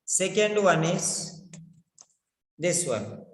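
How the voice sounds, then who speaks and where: Slow high-voiced man teaching in an echoey hall. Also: lively intonation. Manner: repetitive, drills words over and over. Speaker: pronunciation teacher. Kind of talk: slow instructional lesson. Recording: echoey room with long reverb.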